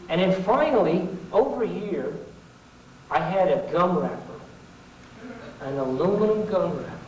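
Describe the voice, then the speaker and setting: A man's voice: sits high, animated, measured pace, long pauses, a little mellow. A middle-aged man giving an informal political talk to an audience, folksy and sarcastic, rambling with asides. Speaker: public speaker. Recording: echoey 1990s hall recording from far off.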